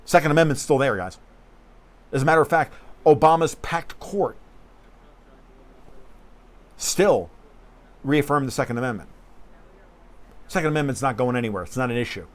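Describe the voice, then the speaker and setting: A man's voice: medium pitch, expressive, moderate pace, pauses often. A man hosting a casual political livestream, talking bluntly and profanely in a rambling way and reading viewer comments aloud. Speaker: livestream host.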